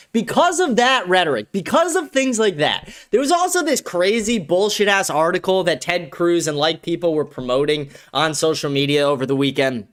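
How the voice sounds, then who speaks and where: Profane, animated male livestream ranter. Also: fairly high pitch. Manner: profane, aggressive, animated ranting. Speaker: show host. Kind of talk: livestream political rant.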